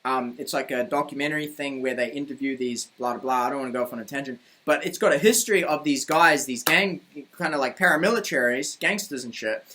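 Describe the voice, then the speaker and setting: A man's voice: medium pitch, fast, few pauses, pushed and bright. A man with a New Zealand accent delivering a rambling, profane, heated opinion rant to camera at home. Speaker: vlogger. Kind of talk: ranting opinion monologue. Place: room at home.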